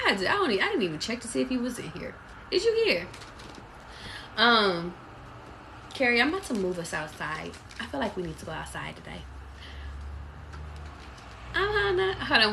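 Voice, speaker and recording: A woman's voice: on the high side, big pitch swings, a little fast, creaky, long pauses, fairly bright tone, a little hiss or hum, low-quality recording. A woman giving a live tarot reading, talking casually and bluntly with plenty of profanity, passing on intuitive messages. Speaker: tarot reader.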